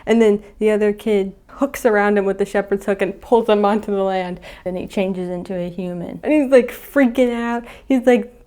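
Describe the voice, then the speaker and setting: A woman's voice: mid-range voice, fairly even intonation, normal speed, hardly any pauses, warm tone, smooth. A young woman casually retelling a cartoon plot in a rambling way full of fillers, chuckling now and then. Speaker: video creator.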